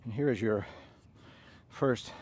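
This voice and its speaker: A man's voice: medium pitch, takes it slowly, slightly rough. Southern man leading a workout. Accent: Southern American. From American South. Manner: barks drill commands between relaxed rambling stories. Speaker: fitness instructor. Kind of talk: workout class with storytelling.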